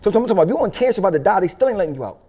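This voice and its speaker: A middle-aged man, telling stories in a casual interview, profane and animated, laughing often. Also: sits high, rapid-fire, slightly rough. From Philadelphia. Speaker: interview guest.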